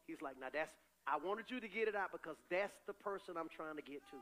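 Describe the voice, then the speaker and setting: A man preaching a sermon as pastor, animated and conversational, swinging between loud cries and quiet asides. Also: fairly high pitch, fast, few pauses, slight background noise.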